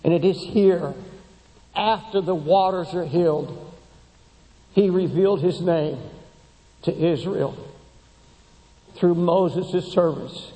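A man delivers an impassioned sermon in a high, mellow voice, repeating words as he builds toward emphatic peaks before sinking low and slow. His voice carries a long reverb, as if it were recorded in a large sanctuary. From United States. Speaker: preacher.

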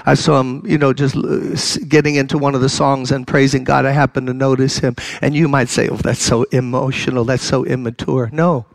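A man's voice: mid-range voice, creaky, no echo. An older man preaching a sermon, building to impassioned, emphatic exhortation and then easing back to direct, conversational appeals. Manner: impassioned, rising to loud exhortation.

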